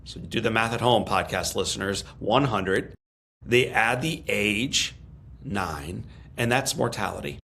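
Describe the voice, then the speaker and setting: Gravelly earnest middle-aged man storyteller. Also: fairly low pitch, measured pace, pushed and bright, slight background noise. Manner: earnest, repeats words when emphatic. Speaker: podcast guest, speaker. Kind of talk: storytelling in an interview.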